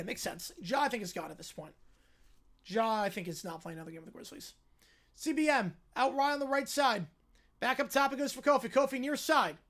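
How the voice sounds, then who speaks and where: A livestream host who talks fast, calling a basketball game play by play while answering chat, and getting louder on big plays. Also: sits high. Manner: fast-talking.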